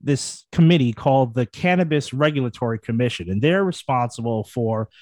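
A man's voice: medium pitch, lively intonation, brisk, darkish tone, dry recording, clean studio sound. A man co-hosting a casual podcast chat, rambling with frequent restarts and laughter. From moved to New Jersey from elsewhere. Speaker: podcast co-host.

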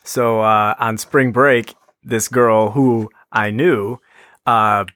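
A man's voice: lowish voice, fairly even intonation, slow pace, fairly bright tone, dry recording, studio quality. A young man on a podcast, rambling through a story with lots of filler words. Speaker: podcast co-host. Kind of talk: casual chat, storytelling.

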